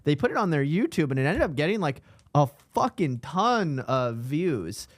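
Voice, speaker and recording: A man co-hosting a comedy podcast, telling stories in a lively, laughing way. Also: a little high, normal speed, no echo. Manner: lively storytelling, laughs often. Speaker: podcast co-host, comedy writer. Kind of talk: casual podcast banter.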